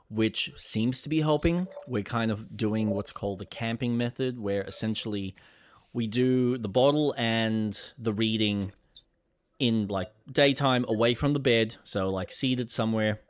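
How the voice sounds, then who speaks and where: Low-voiced young guy on a stream, dry close mic, chatty, swears, does little voices for people in his stories. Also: dry recording. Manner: swears freely, acts out quoted people. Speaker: podcast co-host. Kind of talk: casual chat.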